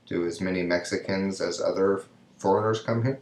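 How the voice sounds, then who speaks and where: A man with a very low voice gives a recorded grammar lesson, taking it step by step. He keeps checking in with "right?" as he explains. His voice carries a noticeable room echo. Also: fairly even intonation, normal speed. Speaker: Spanish teacher. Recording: echoey room.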